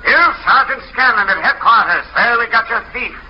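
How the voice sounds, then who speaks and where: A blunt, gossipy police sergeant, brisk and matter-of-fact, pitched high. The old radio play sounds muffled and hissy. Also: male voice, animated. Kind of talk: 1940s radio acting. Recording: old radio broadcast recording, dull with hiss.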